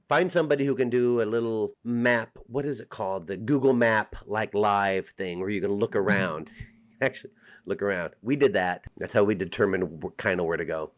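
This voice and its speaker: A middle-aged man with an American accent, talking casually and jokingly straight to the camera as a vlogger. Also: mid-range voice. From United States. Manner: chatty, joking, direct address to viewers.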